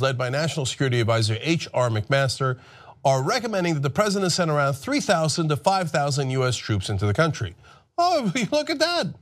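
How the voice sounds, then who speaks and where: A man's voice: fairly high pitch, a bit bright. A man hosting political commentary, ranting sarcastically and mocking others in put-on voices.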